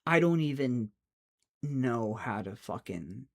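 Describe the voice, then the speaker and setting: A man's voice: mid-range voice, animated, slow. A man, a streamer, in an exasperated, profane rant, often stammering and restarting his words. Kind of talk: angry rant.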